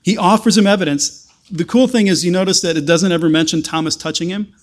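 A man preaching a sermon, earnest and halting, with frequent restarts that build to emphatic stretches. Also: high-pitched.

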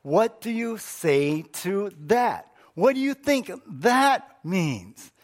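A man voicing an excited wife who keeps fishing for a gift, his voice raised high and the words drawn out. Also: takes it slowly, full character voice. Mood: coaxing.

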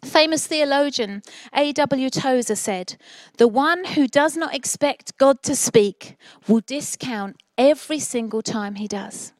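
A woman's voice: high voice, unhurried, dry recording. A middle-aged woman preaching a sermon, telling a family story with earnest, encouraging passion.

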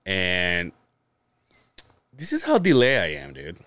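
A man's voice: low-pitched, huge pitch swings, slow, fairly bright tone, no echo. A man hosting a podcast, telling a long rambling story in casual chat, swearing freely and full of fillers. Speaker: podcast host.

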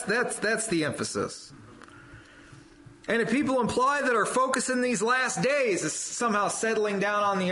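Fervent male preacher, very animated delivery, lines repeated for stress. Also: very high-pitched, slight background noise, low-quality recording. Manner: fervent, rising to loud emphatic peaks on quoted scripture; repeats phrases for emphasis. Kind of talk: sermon.

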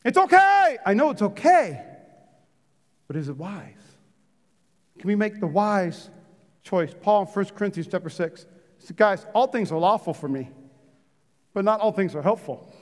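A man preaching a sermon to his church, animated and chatty, jumping from loud punchy lines to hushed low ones and joking with the congregation. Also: normal speed. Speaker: pastor. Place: church sanctuary. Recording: long reverb of a big hall.

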